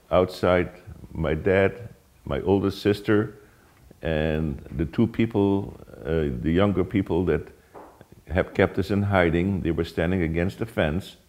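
An older man from the Netherlands, telling his life story in a plain, halting way with frequent pauses. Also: low voice, darkish tone. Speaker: Holocaust survivor giving testimony. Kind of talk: spoken personal testimony.

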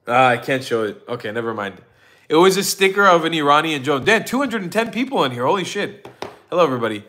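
Excitable, profane man on a livestream. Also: a little high, fast. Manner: profane, excitable storytelling, laughing often. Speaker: livestream host. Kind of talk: casual livestream chat.

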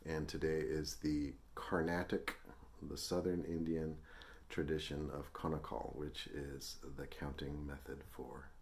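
A man teaching a music lesson, explaining rhythm syllables in a relaxed, chatty way with small laughs. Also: rumbling low, measured pace, slight background noise.

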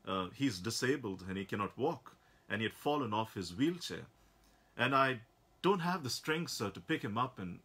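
Man playing a twelve-year-old boy, polite, pleading, apologetic, bright tone. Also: mid-range voice, breathy edge, heavily acted.

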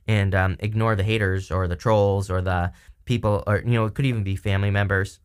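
A man giving a casual, chatty tarot reading, animated and full of fillers, laughing now and then. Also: fairly low pitch, brisk, clean tone. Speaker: tarot reader.

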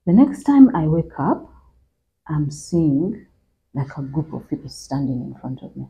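Low-voiced Ugandan woman telling a story. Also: very animated, unhurried, mellow, low-quality recording. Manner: switches between Luganda and English, conversational. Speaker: interview guest. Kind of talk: personal storytelling in interview.

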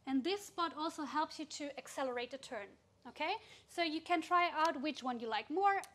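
A woman dance teacher giving clear tips to followers, often checking in with listeners. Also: sits high, moderate pace, a bit bright. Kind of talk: instructional dance lesson.

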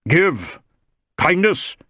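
A man's voice: medium pitch, lively intonation, moderate pace, a bit bright, no room sound, studio quality, close to an everyday voice. A man voicing a tall, scornful man who tries to bribe a police inspector, wheedling and contemptuous by turns.

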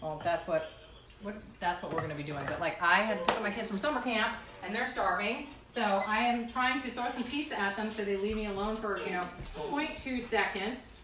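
Woman in her thirties, mom vlogger, rambling chatty live-stream host, mid-pitched voice in an echoey kitchen. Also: fairly quick, background noise. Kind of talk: casual live-stream chat. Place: indoors at home in a condo kitchen. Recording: echoey room.

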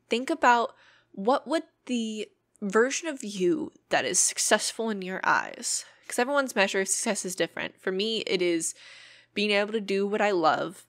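An earnest young woman talks through her thoughts on her own podcast. She sounds reflective and unhurried, with a loose conversational flow full of little fillers. Her pitch sits in an ordinary middle range. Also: fairly bright tone. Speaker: podcast host. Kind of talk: casual solo podcast talk.

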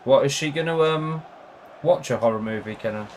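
Young guy yelling and swearing at a footy game, chatty banter, faint background noise. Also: mid-range voice, fairly quick. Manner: excitable, sweary, banters with someone off-mic. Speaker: gaming YouTuber. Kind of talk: casual gameplay commentary.

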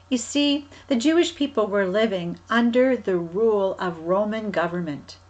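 A woman's voice: medium pitch, low-quality recording. Woman telling a Bible story to children. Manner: gentle, asks children questions directly. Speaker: children's ministry coordinator.

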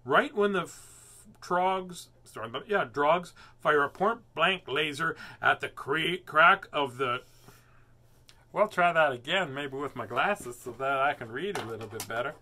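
A man's voice: fairly high pitch, measured pace, pushed and bright. An older man hosting a live picture-book reading, playful and chatty, easily amused as he talks to his viewers. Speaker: host reading picture books aloud. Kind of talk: live read-aloud stream.

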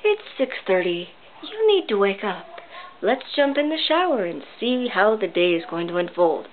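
Woman putting on a gentle yoga lady, soft calming voice, quiet, tinny lo-fi sound. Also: medium pitch, normal speed, slight background noise, close to an everyday voice. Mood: soothing. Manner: soft, soothing.

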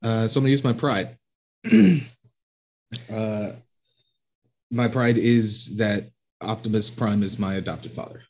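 A man playing a tabletop game, explaining his character's moves in a halting way, with restarts and fillers. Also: lowish voice, darkish tone. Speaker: player. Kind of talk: casual tabletop play.

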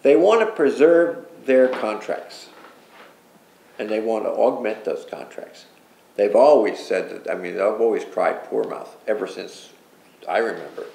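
A man's voice: fairly low pitch, measured pace, gravelly, darkish tone. An older man telling a personal story as an interview guest, earnest and rambling, with repeated asides. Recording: roomy echo with faint background noise.

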